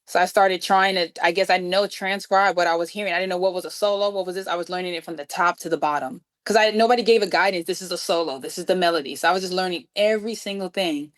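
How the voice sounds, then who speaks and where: A woman from New York City, a guest musician, telling a story with lively acted-out dialogue. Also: lowish voice, quick pace, few pauses. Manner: acts out quoted dialogue with lively voices. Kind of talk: animated storytelling.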